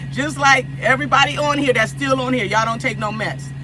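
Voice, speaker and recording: A woman's voice: sits high, moderate pace, background noise. A woman from Los Angeles chatting casually with viewers on a phone livestream, repeating herself and laughing often. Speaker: livestream host.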